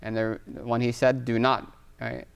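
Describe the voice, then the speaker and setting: A man teaching a grammar lesson, talking at a medium pitch in a smooth, clear voice. He explains patiently, reads out Arabic phrases and keeps checking in with "right?". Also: flat delivery, measured pace. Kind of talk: live online class lecture with Q&A.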